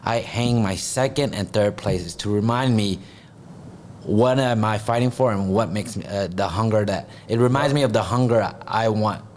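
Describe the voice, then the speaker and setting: A man talking in a podcast conversation, halting and searching for words as he goes. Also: lowish voice, a little mellow, slight background noise. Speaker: podcast guest and grappling competitor.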